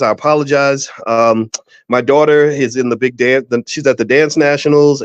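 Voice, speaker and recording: A man's voice: medium pitch, dry recording. A male podcast host and finance professor talking in a casual monologue, rambling and stumbling over repeated words. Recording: dry, slightly dull recording.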